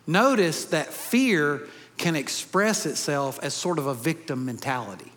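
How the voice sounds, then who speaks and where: A man's voice: a little high, sing-song, normal speed, few pauses, fairly bright tone, big-room sound. A man preaching a sermon to a congregation, with a conversational manner and joking asides. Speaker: pastor. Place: large church hall.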